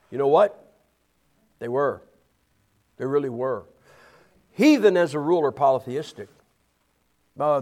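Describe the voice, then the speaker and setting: A man preaching a folksy, rambling sermon, full of restarts and asides. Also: on the high side.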